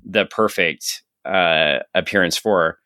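Low, bright-voiced sarcastic man. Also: no room sound, studio quality. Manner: sarcastic, excitable, quick to laugh. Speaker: podcast co-host. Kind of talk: casual comic book chat.

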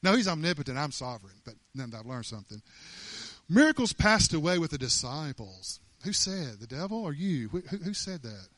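A man's voice: sits high, pushed and bright, no room sound. A man preaching a sermon, firing off rhetorical questions and repeating words as he builds.

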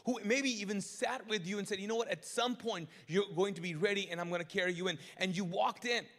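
A man preaching a live sermon as pastor, animated and joking, often restarting his sentences and acting out what people in the church say. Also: high-pitched, fast. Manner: animated, joking, frequent restarts, acts out congregants' lines. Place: large church auditorium. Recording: long hall reverb.

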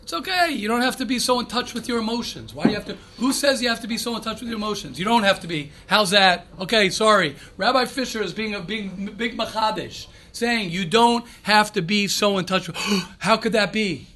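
A man, a rabbi, giving an informal lecture to yeshiva students, animated and repetitive, often restarting his sentences. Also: sits high, a little fast, hardly any pauses. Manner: animated, repeats himself, self-correcting.

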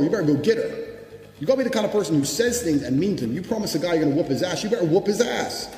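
A man's voice: fairly high pitch, lively intonation, rapid-fire, darkish tone. Brash motivational speaker, a man swearing hard and hammering each point, long hall echo. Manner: blunt, profane, emphatic. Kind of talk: motivational speech. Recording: echoey hall reverb with background music.

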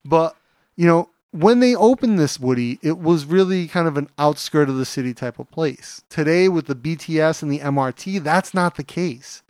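A man's voice: on the high side, expressive, moderate pace, a little mellow, dry recording, clean studio sound. A man co-hosting a podcast, chatting casually and telling stories with plenty of fillers. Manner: chatty storyteller, many fillers. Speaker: podcast co-host.

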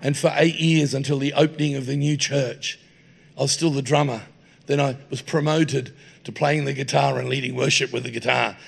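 A man's voice: mid-range voice, fairly even intonation, normal speed, vocal fry, slightly rough. A man preaching in a church, mixing jokey anecdotes with sermon points. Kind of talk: humorous sermon storytelling. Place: church hall.

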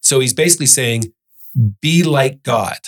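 Earnest man leading a Bible discussion. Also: mid-range voice. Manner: earnest, reads scripture aloud slowly. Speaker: podcast host.

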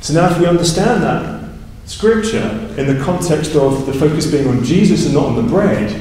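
A man's voice: lively intonation, normal speed, warm tone, slight background noise. A man preaching a sermon and explaining scripture in a conversational way, often asking "right?" and lifting his voice for emphasis. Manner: rises in pitch and volume for emphasis. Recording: far from the mic in a big echoey hall.

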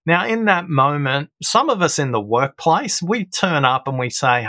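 A man's voice: fairly high pitch, lively intonation, moderate pace, hardly any pauses, bright, forceful tone, dry recording, clean studio sound. A middle-aged man, a guest in an interview, explaining ideas and telling personal stories in an engaged, storytelling way. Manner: storytelling, explanatory, acts out quoted voices. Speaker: guest, listening expert. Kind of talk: conversational interview.

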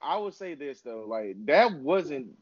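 A man with a slightly high voice gives blunt, emphatic takes in a casual basketball chat. Crowd noise can be heard behind him, and the audio is dull. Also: big pitch swings, a little slow.

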